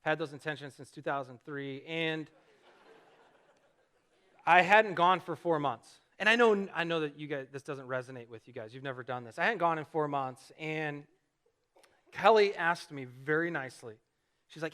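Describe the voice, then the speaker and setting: A middle-aged pastor preaches from the stage of a church sanctuary at a moderate pace, his fairly high voice bright, forceful and clean. He keeps it relaxed and conversational, poking fun at himself in his stories and repeatedly putting rhetorical questions to the congregation.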